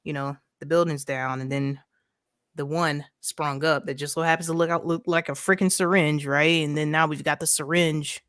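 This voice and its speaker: Speaking at normal speed in a steady, low-pitched voice with a bit of brightness, the podcast co-host rants casually over a video call, emphatic and repeatedly asking "right?" The studio sound is clean, with no echo.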